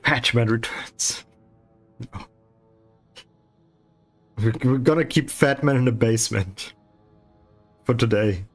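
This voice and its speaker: Male art streamer, unhurried delivery, mock-grumpy banter with chat, lots of swearing, mouth full of ice. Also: medium pitch, faint music behind. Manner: sarcastic, teasing, swears and laughs often; chewing ice while talking. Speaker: livestreaming artist. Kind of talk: casual stream chat while painting.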